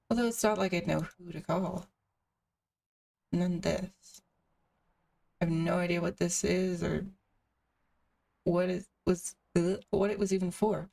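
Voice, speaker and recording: A woman's voice: fairly low pitch, creaky, a little mellow, far from the mic. A woman streamer reading a visual novel aloud, with casual asides between the narration.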